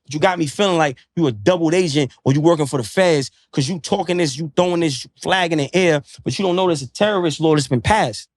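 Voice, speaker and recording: A man's voice: on the high side, fast talker, few pauses, dry recording, studio quality. A man who is a podcast guest, lecturing in casual chat with emphatic, profane street slang. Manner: preachy, lecturing.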